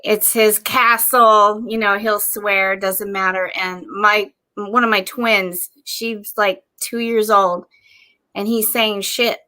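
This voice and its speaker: A woman's voice: mid-range voice, steady tone, slow pace, pushed and bright, poor audio. A woman chatting casually on a livestream, telling rambling stories about her kids. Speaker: livestream co-host. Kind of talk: casual chat.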